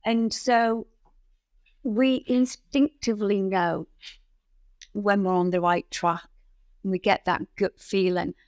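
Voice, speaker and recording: A woman guest on a podcast interview, telling stories in an animated way and acting out the people in them. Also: mid-range voice, takes it slowly, long pauses, clear, resonant tone, no room sound. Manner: animated storyteller who acts out the people in her stories. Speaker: guest, founder of a riding centre.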